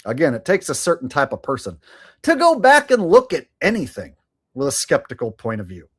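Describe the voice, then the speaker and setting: A man with a husky, fairly high voice talks rather quickly, his pitch swooping wildly. Hosting a live stream, he drifts between topics and trades sarcastic remarks with his chat in casual commentary.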